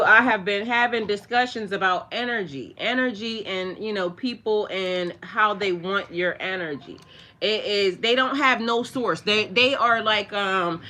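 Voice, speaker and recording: A woman's voice: mid-range voice, expressive, moderate pace, bright, forceful tone. A woman hosting a spiritual livestream, rambling in a casual, chatty way with many fillers, talking straight to her viewers and mocking the trolls. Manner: mocking and scornful toward trolls.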